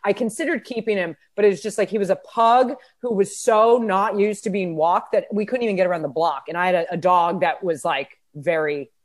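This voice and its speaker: A woman guest on a casual chat podcast, telling a story in a heated, profane and animated way. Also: medium pitch, brisk, few pauses. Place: New York.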